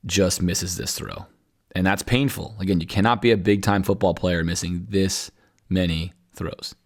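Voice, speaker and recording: A man's voice: sits low, steady tone, moderate pace. A man hosting a podcast, talking viewers through football game film in a conversational, analytical way. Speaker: podcast host.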